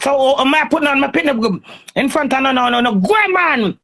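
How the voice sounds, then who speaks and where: A woman's voice: high voice, expressive, fairly quick, creaky, a bit bright. A Jamaican woman in a heated, cursing, confrontational rant on a phone live stream.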